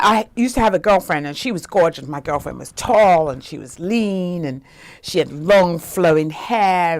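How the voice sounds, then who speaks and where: A woman with a somewhat low voice tells a personal story as a life coach. She speaks conversationally and keeps checking in with the listener by asking "right?". She acts out the voices of the people in her story.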